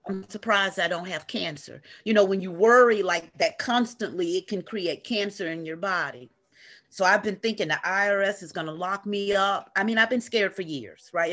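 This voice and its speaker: A middle-aged woman telling a story in an animated, preaching way to a group on a video call. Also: medium pitch. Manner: animated, preachy, uses y'all.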